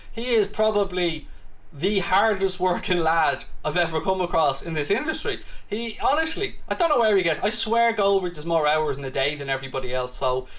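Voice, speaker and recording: A man's voice: sits high, animated, normal speed, fairly bright tone. A man with a British accent hosting a live football watchalong, mixing play-by-play commentary with cheeky banter aimed at viewers in the chat. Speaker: watchalong host.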